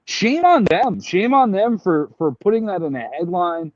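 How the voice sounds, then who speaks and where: A man's voice: high voice, lively intonation, normal speed, no room sound. A man co-hosting a panel talk, speaking emphatically and with indignation. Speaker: co-host. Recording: dry, dull lo-fi sound.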